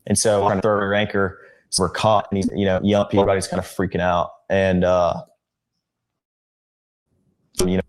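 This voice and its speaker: A man flatly recounting a boating incident in a matter-of-fact way. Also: sits low, normal speed, pauses often. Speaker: interviewee recounting a boat trip.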